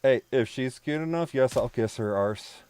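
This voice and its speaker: A man's voice: mid-range voice, normal speed, a little mellow, smooth. A man streaming a game and chatting casually with viewers, rambling, laughing often and swearing freely. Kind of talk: casual live-stream chat.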